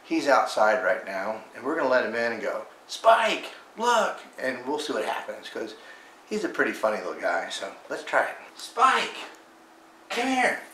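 A middle-aged vlogger at home, narrating a casual video slowly and calling to a dog in a high sing-song coaxing voice. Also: very animated, a bit bright, a little hiss or hum. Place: indoors at home. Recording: roomy, distant home camera audio.

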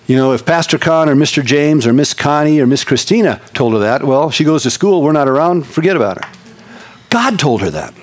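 Male pastor, slightly higher voice, folksy, lively sermon delivery. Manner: animated, folksy, shifts between loud bursts and slow quiet emphasis.

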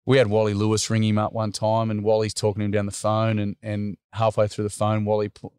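A man's voice: on the low side, monotone, fast talker, a little mellow, smooth, dry recording, studio quality. A middle-aged Australian man telling a personal story earnestly, with many fillers. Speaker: interview guest.

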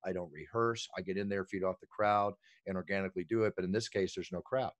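A middle-aged man telling stories in an animated, emphatic way as an interview guest. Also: low voice, fast talker, no room sound. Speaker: ring announcer and guest. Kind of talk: energetic interview talk.

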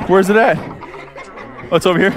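A man hosting a live gaming stream, excitable and loud, hyping up his viewers as he plays. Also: high-pitched, fairly quick, a loud crowd, heavy background noise. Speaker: gaming livestream host. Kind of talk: live game commentary.

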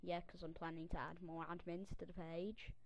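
A woman's voice: fairly low pitch, level tone, moderate pace, poor audio. A young woman giving a casual tour of her website while screen recording, in a theatrical, self-mocking way with grumbling asides.

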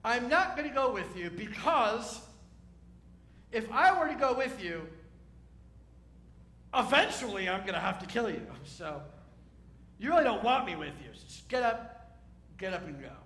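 A blunt, exasperated God speaks down to his people in a folksy, dismissive drawl. The voice sits high and bright. A man puts this voice on during a sermon, and the room carries a lot of echo. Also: very animated, moderate pace, long pauses, full character voice. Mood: warning.

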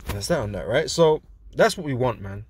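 Male preacher, conversational and rambling, mid-range voice, deliberate when reading scripture, livelier when excited. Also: mid-range voice, slight background noise. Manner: loose and conversational, peppered with "man" and "you know"; gets animated and laughs when excited. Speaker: religious teacher. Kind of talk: informal sermon with scripture reading.

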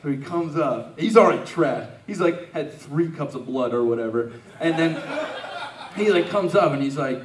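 A young man doing stand-up comedy, with a halting, rambling delivery full of restarts. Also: a little high, expressive, reverberant, far from the mic. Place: comedy club stage.

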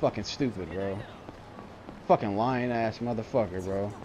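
A man's voice: on the low side, normal speed, background noise. A young man cursing and ranting in exasperation while playing a game, in loose casual gameplay commentary. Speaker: gamer.

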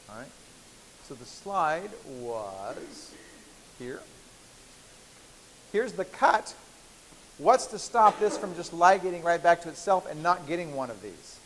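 A man's voice: fairly high pitch, fairly bright tone. A man lecturing a university biochemistry class in a playful, chatty way, often checking in with the students. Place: large lecture hall. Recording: hissy lecture-hall recording with long reverb.

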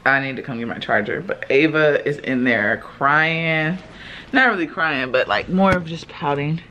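A woman's voice: low voice, normal speed, pushed and bright. A young woman chatting casually to her phone camera as a mom vlogger at home, calling her viewers y'all. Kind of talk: casual vlog talk to camera. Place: at home with babies. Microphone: phone held by hand. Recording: noisy home phone recording.

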